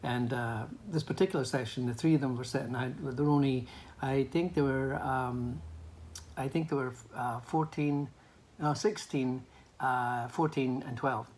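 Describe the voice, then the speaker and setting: A man's voice: medium pitch, steady tone, moderate pace, darkish tone, a little hiss or hum. An older man giving a motivational training talk, telling a personal story in a hesitant, anecdotal way with many restarts.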